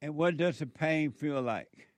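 A man's voice: on the high side, measured pace, dry recording. A man hosting a call-in radio show, giving spiritual advice in a drawling, preachy way with frequent chuckles.

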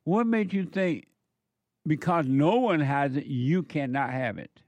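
A man's voice: fairly high pitch, unhurried, darkish tone, no room sound. A male counselor delivering a preachy monologue, firing off emphatic rhetorical questions in a scolding tone.

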